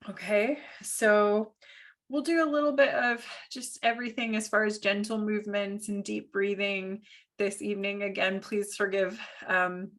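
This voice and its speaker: A woman with a stuffed-up cold, leading a yoga class over a video call with gentle, reassuring instructions. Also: medium pitch, fairly even intonation, unhurried. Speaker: yoga teacher.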